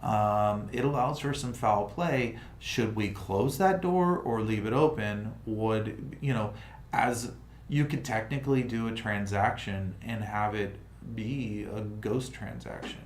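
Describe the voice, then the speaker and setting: A man's voice: on the low side, takes it slowly. Man, livestream host, casual rambling chat, many restarts, roomy sound. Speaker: crypto project host. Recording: roomy room with faint noise.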